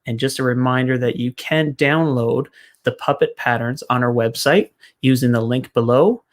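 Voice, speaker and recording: A man's voice: medium pitch, moderate pace. Male event host, plain mid voice, friendly announcing. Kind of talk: introducing a program.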